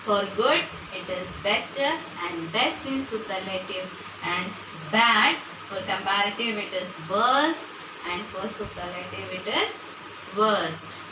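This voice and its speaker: A woman with an animated, mid-range voice teaches a grammar lesson, patiently repeating words slowly and often asking "okay, children?" The recording is echoey and noisy, with her voice coming from far off.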